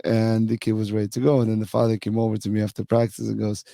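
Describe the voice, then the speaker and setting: Gravelly low-voiced man hosting a podcast. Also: monotone, fast talker, hardly any pauses, dark tone, no room sound. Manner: reflective, tells stories from coaching kids. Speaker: podcast host and youth hockey coach. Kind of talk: conversational podcast interview.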